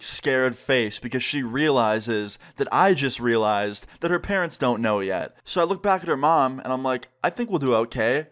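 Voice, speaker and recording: Animated man telling a story. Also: medium pitch. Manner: animated, swears freely. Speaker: vlogger. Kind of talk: storytime vlog.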